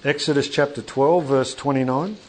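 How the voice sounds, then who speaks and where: Animated preacher man. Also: mid-range voice, moderate pace, slight background noise. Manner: animated, conversational preaching with jokes to the congregation. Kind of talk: sermon. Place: church hall with congregation.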